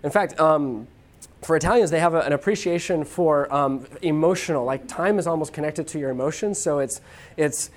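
A lecturer from the United States, giving an informal classroom talk in a chatty way, with quick asides and checks like "okay?". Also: mid-range voice.

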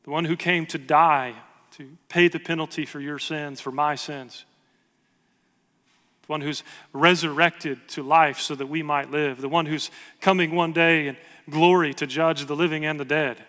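A man's voice: fairly high pitch, fairly even intonation, moderate pace, bright, forceful tone. Earnest male pastor in a big hall. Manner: earnest, building to emphatic repetition. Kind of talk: sermon. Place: large church hall. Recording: long reverb of a large hall.

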